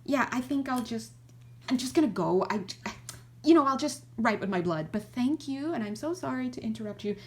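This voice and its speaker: A woman's voice: on the high side, lively intonation, a little fast, darkish tone, voice pushed up. Timid bystander, flustered and stammering, over-apologetic; a woman doing the voice. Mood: nervous. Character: flustered timid person backing away apologetically.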